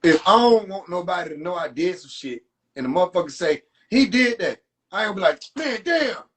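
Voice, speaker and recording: A man ranting and mocking in a profane, animated rant to a live audience, streamed from a phone. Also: high voice, fast. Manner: animated, profane, rants and mocks. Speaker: livestream host. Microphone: phone livestream.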